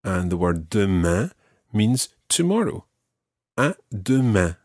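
A man's voice: fairly low pitch, big pitch swings, takes it slowly, darkish tone, no room sound, clean studio sound. A man teaching beginners in a podcast lesson, patiently explaining each phrase step by step and modelling its pronunciation. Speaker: language teacher.

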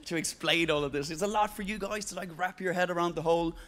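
A man's voice: high-pitched, fast talker, a crowd in the background. A Danish man, a native Danish speaker with an Irish accent, performing a playful, self-deprecating stand-up set and acting out little voices. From Denmark. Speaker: stand-up comedian. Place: stage before a live audience. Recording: stand-up clip with loud noise.

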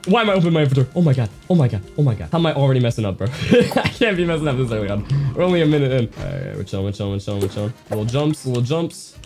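Animated young man streaming a game. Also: medium pitch, very fast, soft background music. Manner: animated, swings from muttering to yelling. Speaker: gaming streamer. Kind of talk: excited gameplay commentary.

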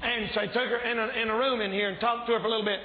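A man preaches a fervent revival sermon, shouting out his points with a slightly strained voice. His voice sits high for a man. The recording is tinny and phone-like, with a long church-hall echo. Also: steady tone, racing. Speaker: pastor.

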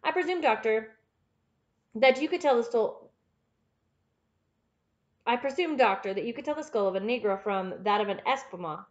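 A woman voicing a keen, confident male detective who explains things in a crisp, measured way. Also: a little high, highs cut off, close to an everyday voice. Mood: assured.

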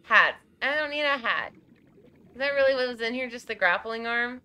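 Jumpy high bright-voiced young woman streamer. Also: expressive, normal speed, clean tone. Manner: jumpy, nervous, swearing, laughing often. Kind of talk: live game stream commentary.

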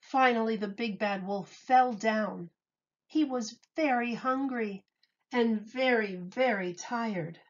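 A woman teacher reading a children's story and explaining a craft, gentle and clear, step by step. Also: on the high side, slow pace, highs cut off.

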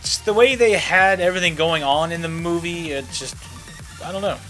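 A man's voice: fairly high pitch, normal speed, a bit bright, soft background music. A young man in casual movie review chat, easygoing and explaining his reasons. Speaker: co-host.

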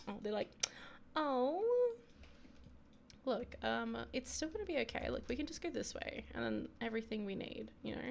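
A woman's voice: a little high, vocal fry, slight background noise. A young woman giving chatty, giggly commentary while playing a life-sim game. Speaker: gaming video creator. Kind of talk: casual gameplay commentary.

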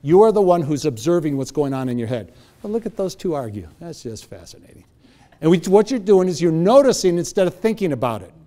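A man's voice: on the high side, fast talker. A man in his fifties giving a live motivational talk, telling stories with energy and quizzing the audience. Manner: animated storytelling, quizzing the audience. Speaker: motivational speaker.

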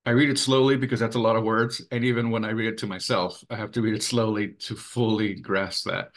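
A man's voice: fairly low pitch, fairly even intonation. Earnest man presenting a webinar. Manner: earnest, measured, with frequent uh and um fillers. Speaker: webinar presenter for a sexual assault coalition.

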